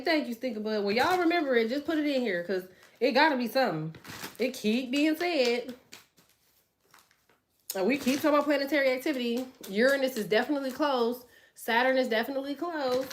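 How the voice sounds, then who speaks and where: A woman with a slightly high voice talks to her live viewers in a casual, blunt way. She speaks, laughs often and reads their comments aloud. Her delivery is loose and chatty, like an informal stream. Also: a little hiss or hum. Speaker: tarot live stream host.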